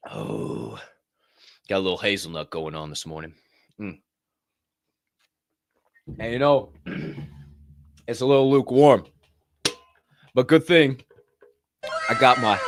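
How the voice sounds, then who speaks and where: A man's voice: medium pitch, a little hiss or hum. Hyped man hosting a morning show. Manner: playful, hyped, sips coffee between lines; swings between hushed asides and loud bursts. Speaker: podcast host. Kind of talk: energetic morning show monologue.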